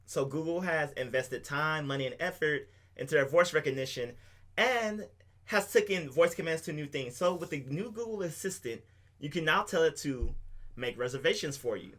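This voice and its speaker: A man's voice: fairly high pitch, animated, normal speed, a bit bright. A man co-hosting a podcast, explaining things at length with enthusiasm in a casual chat. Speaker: podcast co-host.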